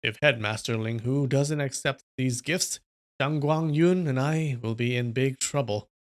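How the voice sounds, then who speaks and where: A man reading a wuxia novel aloud on a livestream, voicing a smooth male envoy from a rival sect in low, soft, ingratiating tones. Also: a little slow, natural voice.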